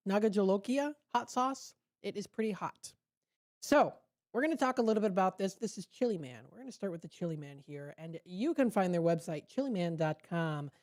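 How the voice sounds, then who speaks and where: A woman's voice: medium pitch, animated, fairly quick, a little mellow. A woman hosting a casual food segment on local radio, chatty and upbeat, laughing at her own jokes, speaking into a studio microphone.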